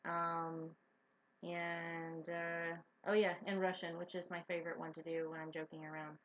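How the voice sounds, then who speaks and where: A woman co-hosting a casual chat, rambling with many pauses and fillers. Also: on the low side, monotone, a bit bright. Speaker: co-owner of a role-playing stream. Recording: dull lo-fi stream audio.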